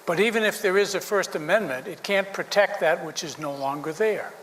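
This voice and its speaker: Middle-aged male publisher, dry wit, halting delivery, a bit high-pitched, light room noise. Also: a bit bright, long reverb tail, low-quality recording. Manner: dry joking, hesitant with fillers. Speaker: newspaper publisher. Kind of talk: after-dinner speech with jokes.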